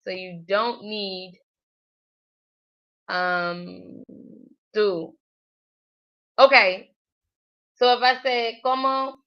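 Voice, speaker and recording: Slow, hesitant woman thinking aloud. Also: medium pitch, steady tone, lo-fi sound. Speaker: language learner. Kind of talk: livestreamed study session.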